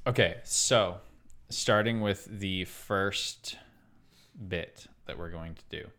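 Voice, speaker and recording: A man's voice: low-pitched, slow, fairly bright tone. Rambling man hosting a comedy podcast. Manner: rambling, tries out impressions mid-sentence. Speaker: podcast host. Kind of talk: casual comedic chat.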